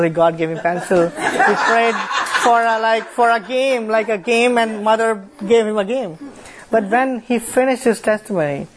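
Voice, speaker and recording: A young man with an Indian accent, leading a church fellowship, shares a testimony in halting speech, repeating words and filling with "like" and "you know". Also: high voice, a little hiss or hum, poor audio. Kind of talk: sharing a testimony with a congregation.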